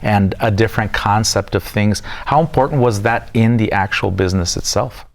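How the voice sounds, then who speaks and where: A man with a fairly low voice hosts a local TV interview. He sounds enthusiastic and asks long, winding questions that circle back on themselves. His tone is friendly and conversational. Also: moderate pace, gravelly. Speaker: TV interviewer, host.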